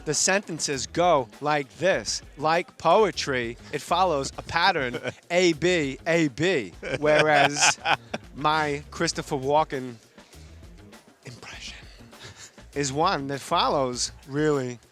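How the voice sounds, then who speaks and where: A man's voice: on the high side, slow, a bit bright, soft background music. A man chatting casually on a talk show in a dry, playful way.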